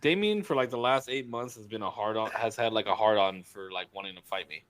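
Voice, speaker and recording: A man's voice: fairly low pitch, brisk, dry recording. A man co-hosting a podcast in casual chat, telling stories emphatically and swearing often. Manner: animated, profane, emphatic storytelling. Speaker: podcast co-host.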